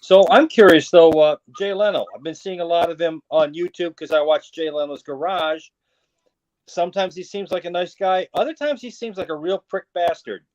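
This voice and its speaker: A male comedian in casual chat, blunt and quick to laugh. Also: on the high side, a little mellow, dull audio. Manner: laughs easily, blunt opinions. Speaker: comedian guest.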